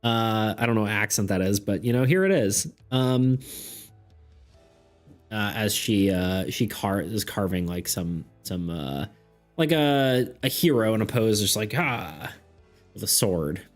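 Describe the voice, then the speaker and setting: A man's voice: fairly low pitch, expressive, measured pace. Rambling male game master. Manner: rambling, hesitant, self-deprecating asides. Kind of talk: narrating a streamed tabletop game. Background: faint background music.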